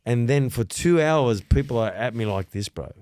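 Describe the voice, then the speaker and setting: A man's voice: mid-range voice, moderate pace, clean tone, dry recording. A man, host of a casual podcast chat, telling stories with lots of swearing and acted-out dialogue. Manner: animated storytelling, heavy swearing, acts out quoted dialogue.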